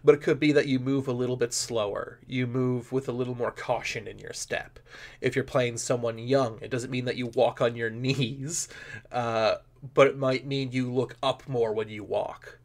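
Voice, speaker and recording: A man of middle pitch talks as a comedy-improv guest on a podcast. He rambles, restarts his sentences and fills pauses with "uh" and "like". He is animated and laughs easily. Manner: rambling with many fillers and restarts. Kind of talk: casual podcast interview.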